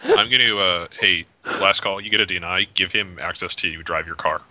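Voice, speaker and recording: Very deep, bright-edged male player. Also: steady tone, a little fast, no room sound, poor audio. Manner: blunt, swears casually. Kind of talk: casual tabletop game chat.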